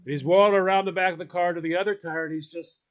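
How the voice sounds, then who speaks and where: A man's voice: high voice, fairly even intonation, fast. A man telling a funny story with drama, acting out the voices and laughing often. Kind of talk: animated storytelling. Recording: dull lo-fi sound.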